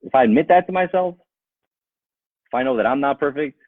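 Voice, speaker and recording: Impassioned rabbi with tinny sound. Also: male voice, medium pitch, expressive, brisk, no echo. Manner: emphatic, rhetorical questions, repeats phrases for force. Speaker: rabbi giving a talk. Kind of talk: impassioned talk to a live audience.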